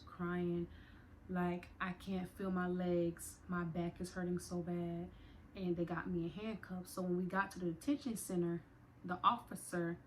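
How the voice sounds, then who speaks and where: Young adult woman, slightly low voice; vlogger retelling a hard personal story, conversational and emotional, talks straight to her viewers. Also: a bit bright, a little hiss or hum. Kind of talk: storytime vlog.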